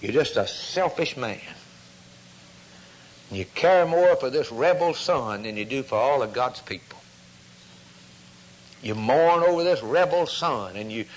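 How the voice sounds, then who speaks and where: A man preaching a sermon, fervent and full of rhetorical questions, often dropping to a hushed tone. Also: mid-range voice, expressive, unhurried, low-quality recording.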